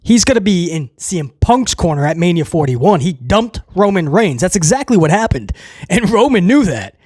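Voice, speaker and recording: A man recapping a wrestling show in a casual, excitable way, rambling with restarts and chuckles. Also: sits high, normal speed, no echo, clean studio sound.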